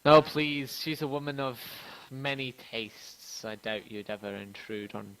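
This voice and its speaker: A man playing a courteous, smooth-talking male merchant who politely deflects questions in a tabletop game. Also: medium pitch, completely flat delivery, measured pace, fairly bright tone, rough recording.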